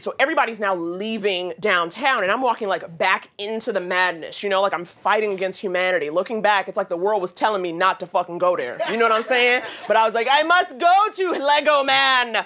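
A woman's voice: medium pitch, slight background noise. A woman telling a comic story in a radio studio, laughing often and swearing freely. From United States. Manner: profane, laughing, animated. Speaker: guest storyteller.

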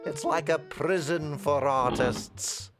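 Brief: a man playing a pompous, rambling artist, slow and drawn out, music under him. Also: fairly high pitch. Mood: grandiose musing. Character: pretentious adult male artist, rambling and grandiose.

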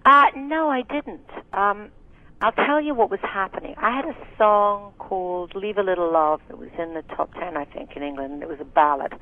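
A woman's voice: medium pitch, normal speed, dry recording. A woman in her sixties from Scotland, a singer and actress telling frank, chatty stories with many asides in a casual interview. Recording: tinny phone line, dry.

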